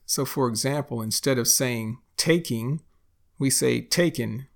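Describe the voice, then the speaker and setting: Gravelly Texan man teaching English. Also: medium pitch. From Texas, United States. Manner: slow, deliberate, repeats examples. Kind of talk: explaining lesson.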